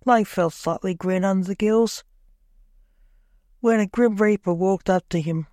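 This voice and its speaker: A storyteller reading a dark comic holiday tale in plain, measured narration. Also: medium pitch, no room sound, studio quality.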